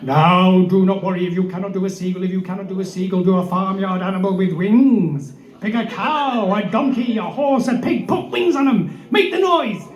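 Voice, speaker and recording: A man's voice: high-pitched, moderate pace, highs cut off. A man performing live comedy, telling a tall tale on stage and calling out to the crowd theatrically. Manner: theatrical, bellowing asides and crowd address. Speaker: comic singer and storyteller on stage. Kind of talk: live comedy storytelling with audience participation. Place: live gig in an indoor brewery venue. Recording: roomy live venue sound.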